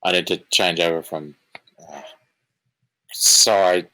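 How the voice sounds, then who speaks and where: Deep-voiced male player. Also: steady tone, takes it slowly, pushed and bright. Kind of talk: tabletop role-play.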